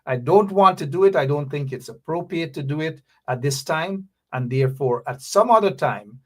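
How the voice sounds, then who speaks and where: A man's voice: animated, measured pace. A man hosting an opinionated live commentary show, emphatic and repeating his points. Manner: emphatic, repeats phrases, mock-sings, drops into low mutters. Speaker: talk show host.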